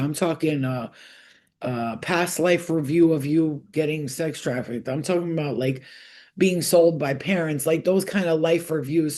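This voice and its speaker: A woman giving a casual tarot reading to her viewers, blunt and profane, telling animated stories. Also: sits low. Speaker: tarot reader. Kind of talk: casual spiritual talk to viewers.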